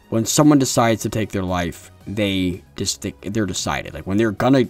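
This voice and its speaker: A young man hosting an advice video, talking in a casual, earnest, consoling way with frequent restarts, recorded in a room at home. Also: lowish voice.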